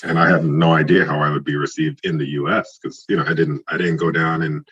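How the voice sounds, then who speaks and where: A man in his forties from Trinidad, telling stories in a casual podcast interview, animated and acting out quoted dialogue. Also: a bass voice, fairly quick, husky, muffled recording. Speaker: guest, former football player.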